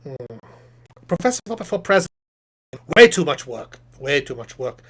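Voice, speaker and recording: A man voicing a chatty, self-satisfied male puppet professor who hosts a live stream, reading chat questions aloud and rambling through them with deadpan jokes. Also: on the high side, moderate pace.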